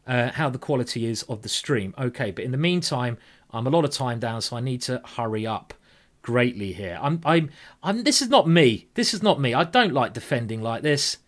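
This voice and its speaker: Chatty man thinking aloud. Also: a little high. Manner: thinks aloud, chatty and self-mocking, talks to viewers. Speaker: chess streamer. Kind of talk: live-stream commentary while playing blitz chess.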